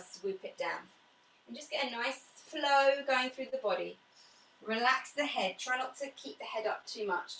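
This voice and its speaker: A woman leading a home pilates class, talking through stretches and breathing cues in a calm, chatty way. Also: a little high, distant mic. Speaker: pilates instructor. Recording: echoey room, away from the mic.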